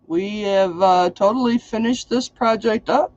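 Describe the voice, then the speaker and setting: A man's voice: high voice, a little slow, hardly any pauses, darkish tone, no room sound, muffled recording. A man hosting a casual crafting livestream, chatty and folksy, greeting viewers by name.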